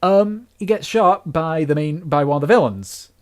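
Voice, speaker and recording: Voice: medium pitch, moderate pace. A speaker giving a casual, unscripted film review, rambling and griping with many restarts along the way.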